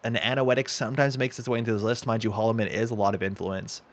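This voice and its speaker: Fast-talking man calling a card game. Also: fairly low pitch, steady tone. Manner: fast, analytical play-by-play. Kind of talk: live game commentary.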